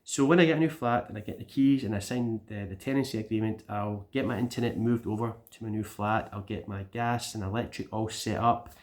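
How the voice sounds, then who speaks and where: A man's voice: on the low side, a little fast, few pauses. A Scottish man giving a casual vlog update, rambling, with repeated words and restarts. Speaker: gaming YouTuber.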